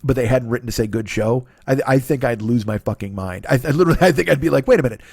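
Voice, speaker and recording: A man's voice: fast, creaky, darkish tone, slightly rough, no room sound. Profane, rambling man in a dry booth. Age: 40s. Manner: profane, rambling and self-deprecating; acts out quoted voices with big pitch jumps. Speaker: podcast host. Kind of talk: solo comedy podcast monologue.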